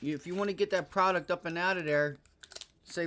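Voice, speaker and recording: A man's voice: high voice, fairly even intonation, brisk, sharp tone. A man hosting a live day-trading stream, chatting casually and joking between exclamations. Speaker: day trading livestream host. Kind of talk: casual live market commentary.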